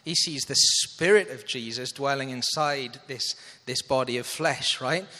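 A man's voice: mid-range voice, a little slow, pushed and bright, big-room sound. A man preaching a sermon in an earnest manner, checking that listeners follow and reading scripture aloud. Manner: earnest, asks audience to follow along.

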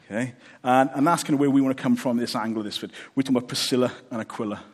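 A man's voice: mid-range voice, racing, slightly rough. Chatty Welsh man giving a sermon. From Wales. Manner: chatty, joking, checks in with "okay?". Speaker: preacher. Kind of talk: casual sermon.

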